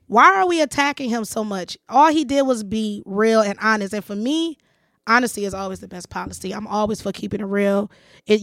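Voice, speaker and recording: A woman's voice: on the high side, no room sound, studio quality. A woman hosting a podcast, casually telling a personal story and acting out what others said. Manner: animated storytelling, acts out quoted lines. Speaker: podcast host. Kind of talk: casual chat.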